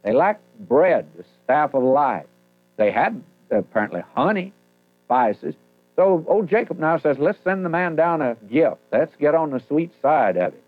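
A man gives a folksy verse-by-verse sermon. He reads old scripture slowly and then retells it in plain everyday talk. The sound is narrow and phone-like, as on an old radio broadcast. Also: a little high, sing-song. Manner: folksy, reads King James verses aloud then paraphrases. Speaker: radio Bible teacher.

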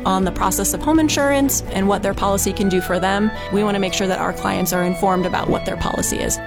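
A woman insurance agent speaks plainly and sincerely about her work. Music plays clearly behind her. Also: mid-range voice, fast talker. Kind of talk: testimonial in a radio ad.

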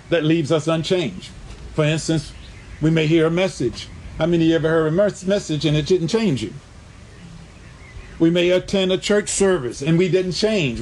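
A man's voice: a little high, a little mellow, slight background noise. A man preaching a sermon in church, reading scripture aloud, repeating his points and punctuating them with "amen" as he calls on the congregation. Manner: repeats and restates points for emphasis. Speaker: pastor.

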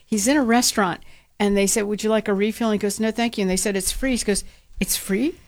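A woman's voice: medium pitch, rapid-fire. An American woman co-hosting a talk show, chatting casually and acting out the stories she tells. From United States. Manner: animated storyteller, acts out quotes. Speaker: talk radio co-host. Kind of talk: casual chat.

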